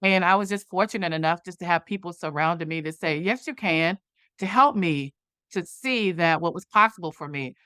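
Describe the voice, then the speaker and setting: A woman's voice: fairly low pitch, a little fast, fairly bright tone, clean tone, dry recording, clean studio sound. A woman interview guest telling a personal story, animatedly acting out the dialogue from it. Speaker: guest, movement founder.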